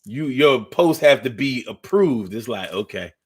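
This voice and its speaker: Animated, slangy, profane man. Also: mid-range voice, a little slow, breathy edge. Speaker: livestream host reading chat. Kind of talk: casual livestream chat.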